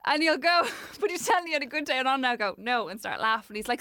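A woman's voice: sits high, fast, no room sound, studio quality. A young adult woman with a Dublin Irish accent, chatting casually as a podcast co-host and laughing often while telling stories. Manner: laughs often, animated storytelling. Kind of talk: casual chat.

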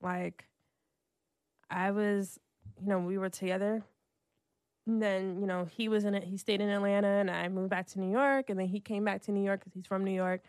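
A woman's voice: medium pitch, moderate pace, no room sound, studio quality. A young adult woman telling a personal story in casual chat, acting out what everyone said and saying "like" a lot. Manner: animated, acts out quotes, lots of "like".

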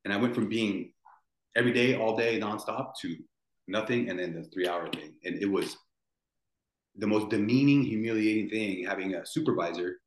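A podcast guest in his forties shares a painful story at a normal speed in a voice on the low side. He rambles emotionally, restarting and repeating himself, and the recording has a roomy echo.

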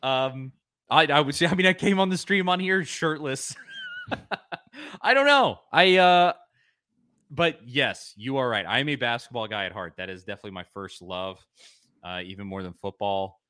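A man hosting a casual sports podcast, excitable, given to bursts of laughing and shouting. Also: medium pitch, a little fast, dry recording, clean studio sound. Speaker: podcast host.

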